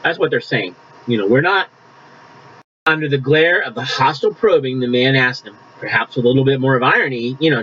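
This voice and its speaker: A man's voice: mid-range voice, brisk, sharp tone, breathy edge, dull audio. A man preaching a conversational sermon, reading scripture aloud and adding asides. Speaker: pastor.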